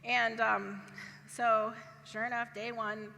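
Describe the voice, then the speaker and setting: A woman's voice: fairly high pitch, flat delivery, slow, gravelly, pushed and bright. A woman speaking to an audience at a live event, telling a humorous personal story and laughing often as she goes. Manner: chatty, laughs often through her story. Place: large event hall. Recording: reverberant hall with faint background noise.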